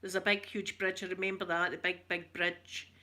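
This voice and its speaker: Bright-voiced chatty Glaswegian woman. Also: on the low side, level tone, moderate pace. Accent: Glaswegian Scottish. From Glasgow, Scotland. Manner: rambling and chatty, laughs often, self-mocking. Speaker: ASMR channel host reading viewer comments. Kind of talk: casual live chat with viewers.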